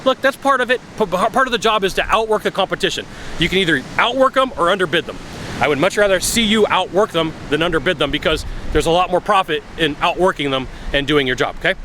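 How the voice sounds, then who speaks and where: A man's voice: high voice, lively intonation, fast talker, pushed and bright, slight background noise. A man giving blunt sales advice in a casual vlog, acting out phone calls as he talks. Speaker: sales coach. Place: outdoors by a bay.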